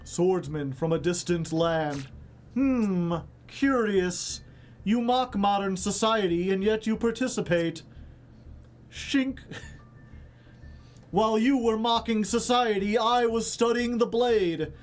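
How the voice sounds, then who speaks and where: A streamer giving casual, rambling commentary on a card game, joking and laughing often. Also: medium pitch.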